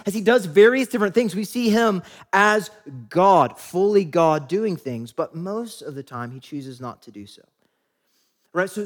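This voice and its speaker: A pastor giving a sermon in a casual, conversational way, often asking "right?" and acting out quoted lines. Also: male voice, high-pitched.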